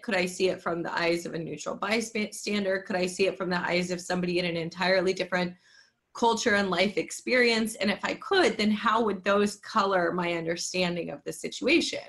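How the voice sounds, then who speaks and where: A woman's voice: on the low side, fairly bright tone. A woman co-hosting a podcast, talking in a thoughtful, earnest way with many fillers. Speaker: podcast co-host. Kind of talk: casual reflective podcast chat.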